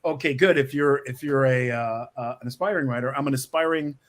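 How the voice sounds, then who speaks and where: A mid-range male voice speaks a little fast. The middle-aged screenwriter is a guest in a conversational interview over video from his office, telling stories with animation, frequently restarting sentences and laughing often.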